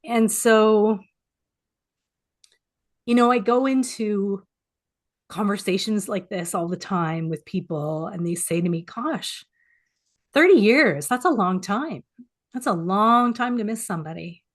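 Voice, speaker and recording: A woman in her forties sharing her story at a support group over a video call from her home office, speaking softly and pausing often, a little teary. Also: mid-range voice. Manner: soft-spoken, heartfelt, pausing often. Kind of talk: personal sharing, reflective.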